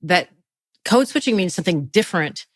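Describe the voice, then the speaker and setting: A woman hosting a podcast interview who asks her questions in a measured, reflective way. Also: lowish voice, animated, dry recording. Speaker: podcast host.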